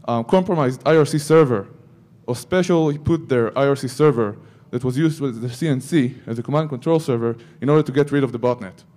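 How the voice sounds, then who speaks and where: A man's voice: mid-range voice, a little fast, hardly any pauses, darkish tone. A man giving a security conference talk, breaking into joking asides to the audience. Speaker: conference speaker.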